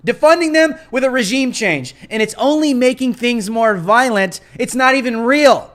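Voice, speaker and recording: Male host with a high voice, combative and insistent, driving points home in an emphatic rant. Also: moderate pace, few pauses, a bit bright. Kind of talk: political commentary rant.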